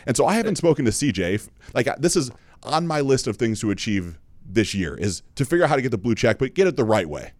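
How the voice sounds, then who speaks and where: Guy talking quick and loose on a podcast, lots of likes and fillers, dry close sound. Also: mid-range voice, sing-song, dry recording. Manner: fast, candid storytelling with frequent fillers. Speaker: podcast host. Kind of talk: casual chat.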